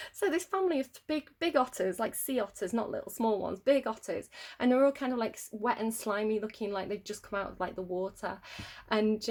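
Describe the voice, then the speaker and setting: A woman's voice: a little high, a little mellow. Chatty English woman, rambling tarot reader. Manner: rambling, chatty, many fillers and laughs. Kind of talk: casual storytelling in a tarot reading.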